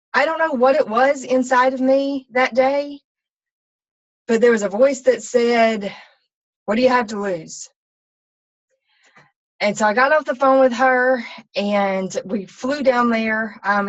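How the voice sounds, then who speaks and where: Candid woman telling her story, lo-fi. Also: fairly high pitch. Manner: candid, rambling with many ums and restarts. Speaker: fitness coach. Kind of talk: personal testimony talk. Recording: slightly dull, lo-fi sound.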